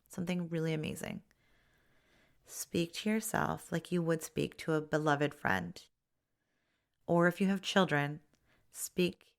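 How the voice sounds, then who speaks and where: A woman coaching listeners through self-help steps, speaking gently and straight to them, sometimes acting out their self-talk. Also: lowish voice. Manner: acts out inner voices and self-talk in quotes. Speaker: life coach.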